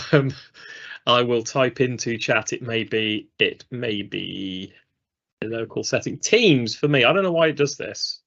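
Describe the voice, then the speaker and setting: A man's voice: mid-range voice, expressive, unhurried, gravelly, fairly bright tone. A man from England co-hosting a live training stream, chatting casually and rambling off track on a video call. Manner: rambling, chatty, self-deprecating. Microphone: studio mic on a video call. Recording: slightly dull lo-fi stream audio.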